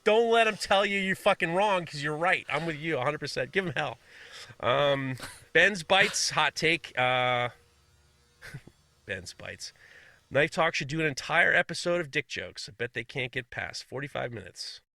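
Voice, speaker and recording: Tense, bright-voiced podcast co-host. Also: male voice, on the high side, lively intonation, unhurried, creaky, no echo. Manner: laughs often, swears casually, blunt. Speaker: podcast co-host reading listener questions. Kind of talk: casual podcast banter.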